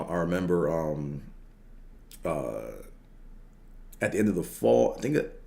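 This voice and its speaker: A young man with a low, mellow voice spins a casual personal story on his podcast. He rambles loosely, leaning on slang and fillers as he talks. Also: gravelly. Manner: laid-back, rambling, lots of fillers and slang. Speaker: podcast host.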